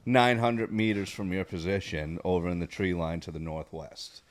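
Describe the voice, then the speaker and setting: A man chatting casually as a podcast host and fellow veteran, laid-back and drawn-out, with laughing asides. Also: sits low, fairly even intonation. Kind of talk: casual chat.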